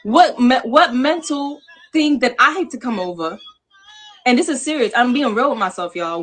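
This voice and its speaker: A woman's voice: mid-range voice, a bit bright. A woman born in New York with a Jamaican-American accent, talking passionately on a livestream panel, emphatic and repetitive, swearing casually. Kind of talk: impassioned livestream talk.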